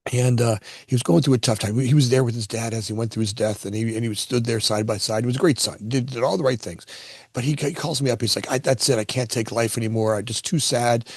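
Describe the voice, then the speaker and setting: A man's voice: mid-range voice, fast, husky, no echo. A middle-aged man from Florida spins a personal story in loose, conversational fashion. He restarts phrases and repeats words as he goes, rising and falling with feeling. The sound is dry and close. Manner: animated, repeats words often when starting sentences. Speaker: guest, construction company founder.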